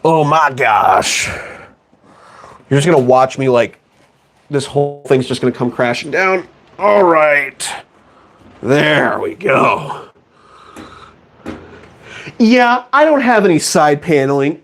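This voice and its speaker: A rather high, lively voice that swings widely in pitch. A young man streaming casually, joking around and poking fun at himself as he rambles through his setup. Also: slow, long pauses. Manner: joking, rambling, self-mocking. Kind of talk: casual live-stream chat.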